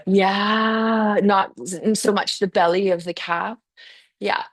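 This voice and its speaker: A woman's voice: medium pitch, steady tone, slow. A middle-aged woman teaching a live yoga class, chatty and encouraging, often saying "yeah" and "okay" as she guides students.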